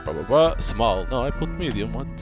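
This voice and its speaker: A man giving casual live commentary on a game, reading the on-screen text aloud with quick asides and loose, halting phrasing. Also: mid-range voice, big pitch swings, music in the background. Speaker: gameplay commentator.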